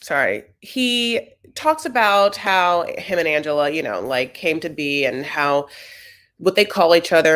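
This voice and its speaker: A woman's voice: low-pitched, fairly bright tone. A young adult woman hosting a casual TV recap, chatty and sassy with rambling asides. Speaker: host.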